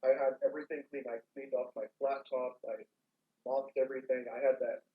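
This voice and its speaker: A young man, co-host of a casual podcast, rambling through lively work anecdotes. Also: medium pitch, fairly quick. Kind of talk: casual chat. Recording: dull lo-fi mic.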